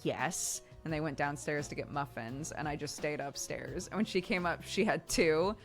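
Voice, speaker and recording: A woman's voice: low voice, normal speed, faint music behind. A woman in her thirties chatting casually on a stream, telling a story and laughing often.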